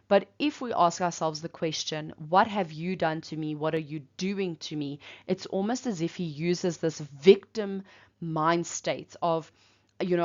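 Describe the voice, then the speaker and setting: A woman's voice: fairly low pitch, normal speed, a little mellow. A woman teacher talking through a poem line by line, reading quotes and then explaining them in a reflective, explanatory way. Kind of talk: poetry analysis lesson. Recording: dull lo-fi recording.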